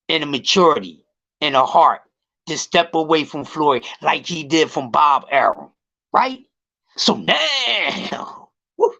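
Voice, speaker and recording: A man's voice: fairly high pitch, creaky, sharp tone. A man ranting on a casual livestream about boxing, profane and heated, often stretching and repeating words as he builds his point. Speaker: boxing commentary vlogger.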